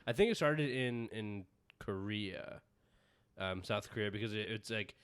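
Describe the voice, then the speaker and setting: A man's voice: fairly low pitch, animated, clear, resonant tone. A man co-hosting a casual podcast, rambling and explaining with plenty of filler words. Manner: fast, rambling, lots of "like". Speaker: podcast co-host.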